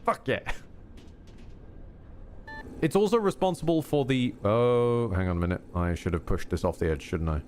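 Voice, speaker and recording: A man chatting through a live game stream, wandering off on tangents and catching himself mid-sentence. His pitch swings widely, and a faint hiss sits under the voice. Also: expressive, moderate pace, long pauses, darkish tone. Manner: rambling, self-interrupting, wry asides. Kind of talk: casual live gameplay commentary.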